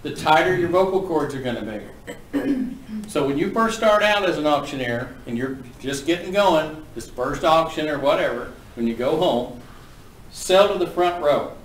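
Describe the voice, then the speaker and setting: Guy teaching a class, folksy n joking, kinda high voice, echoey room, mic far off. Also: lively intonation, moderate pace, slight background noise. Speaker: auctioneering instructor. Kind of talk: classroom lecture. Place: classroom with students.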